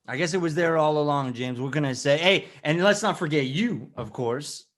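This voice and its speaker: A man's voice: fairly high pitch, moderate pace, fairly bright tone, close to an everyday voice. A man playing a boastful, lovesick captain who runs a casino on a cruise ship, talking brashly and calling people brother. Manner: brash, calls people brother, swings into mopey sulking. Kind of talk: improvised comedy character.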